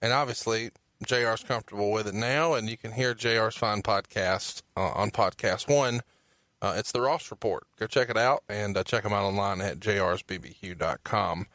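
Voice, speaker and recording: A man's voice: on the low side, moderate pace, fairly bright tone, no room sound. A man hosting a podcast, casually reading quotes and steering questions. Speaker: podcast host.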